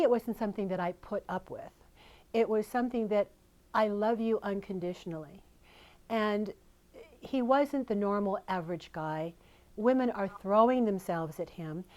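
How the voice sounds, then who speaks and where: A woman's voice: mid-range voice, a little mellow. An older woman, a guest in an interview, speaking in an earnest, emotional and fond way about the past. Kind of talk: candid interview. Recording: radio studio interview.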